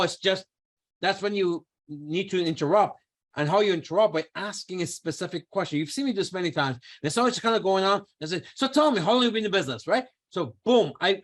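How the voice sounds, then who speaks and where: A middle-aged man giving an energetic motivational training talk, coaching his audience and repeating key phrases for emphasis. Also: high-pitched. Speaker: network marketing trainer.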